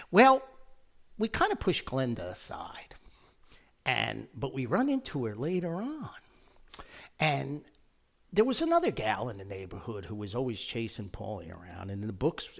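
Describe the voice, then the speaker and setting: New Jersey man, middle-aged, gravelly and lively-pitched, folksy rambling podcast storyteller. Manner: rambling, folksy, animated with lively quoted voices. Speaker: podcast host telling a personal story. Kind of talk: casual spoken storytelling.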